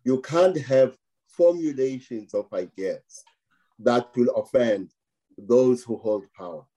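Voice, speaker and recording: A man argues slowly and deliberately as an interview guest. His tone is mellow and dark, and he presses his point through rhetorical repetition. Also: mid-range voice, poor audio. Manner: measured, emphatic, rhetorical repetition.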